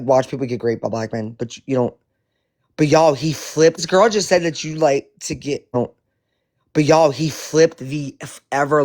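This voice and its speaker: A man giving casual commentary to his viewers, animated and profane, rambling with many restarts. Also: fairly high pitch. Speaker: live-stream commentator.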